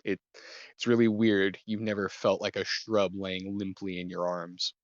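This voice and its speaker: A man narrating as game master, describing scenes with many pauses and restarts. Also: deep voice, flat delivery, no echo, lo-fi sound. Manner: halting, many ums and restarts.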